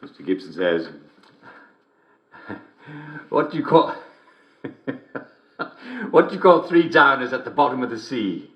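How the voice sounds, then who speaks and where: A middle-aged English television host in a video game, jolly on the surface and cruel underneath. He giggles between jokes, and his bright voice swoops up and down as he lingers unhurriedly over each line. The sound carries a roomy echo. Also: mid-range voice, sing-song, a little slow, long pauses. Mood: jovial, mocking. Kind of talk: video game character performance.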